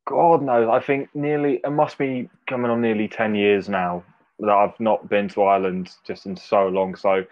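Low-voiced young man on a dull call line. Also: moderate pace, no room sound. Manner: animated storyteller, acts out quotes. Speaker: podcast guest. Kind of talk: casual chat.

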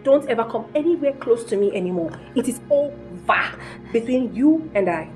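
A woman's voice: a little high, animated, fairly quick, warm tone, faint music behind, close to an everyday voice. A woman playing a haughty Nigerian girlfriend. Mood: scornful. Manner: cold, scornful, lecturing. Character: status-hungry young woman dumping her boyfriend, haughty. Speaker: actor. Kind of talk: film acting.

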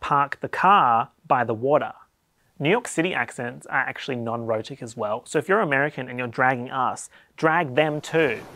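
A man's voice: medium pitch, vocal fry, a bit bright, a little hiss or hum. An Australian man hosting a comedic explainer video, talking in a playful, wry and sarcastic way. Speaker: YouTube host.

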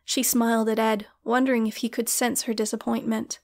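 A woman narrating an audiobook short story in a gentle, steady way. Her voice sits fairly high, with a calm, even delivery throughout. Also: normal speed, hardly any pauses.

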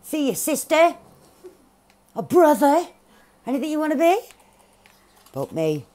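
Excitable sweary woman gamer. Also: high-pitched, measured pace. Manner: loud, swearing, excitable, laughs often. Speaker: gaming streamer. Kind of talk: live gameplay commentary.

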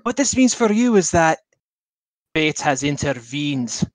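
A man's voice: a little high, big pitch swings, measured pace, dry recording. A theatrical traveling fortune teller, put on by a man, rolls out grand pronouncements with a salesman's flourish. The sound is dry and close. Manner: grandiose, showy salesman patter. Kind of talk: tabletop game role-play.

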